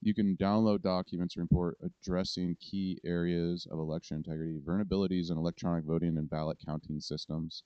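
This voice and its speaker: A man's voice: deep voice, steady tone, quick pace, few pauses, warm tone, clear, resonant tone, dry recording, highs cut off. A man hosting political commentary, rambling and indignant, swearing now and then. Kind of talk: casual ranting commentary.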